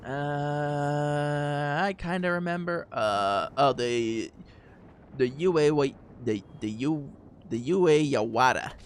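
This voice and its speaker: A man's voice: a little high, slow, slight background noise. A man chatting casually to his viewers while streaming a game, rambling with fillers and easy laughs. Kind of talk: casual gaming stream chat.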